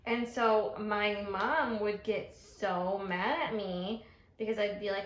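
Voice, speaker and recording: A woman co-hosting a casual chat, telling lively stories and acting out the lines of others. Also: mid-range voice, measured pace. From United States. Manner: animated storyteller, acts out quotes. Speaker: podcast co-host. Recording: echoey room.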